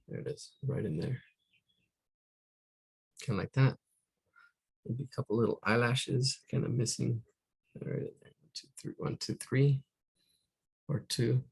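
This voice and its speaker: A man's voice: fairly low pitch, creaky. A man teaching caricature drawing live, talking through each stroke, counting aloud and trailing off into muttered asides. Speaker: art instructor.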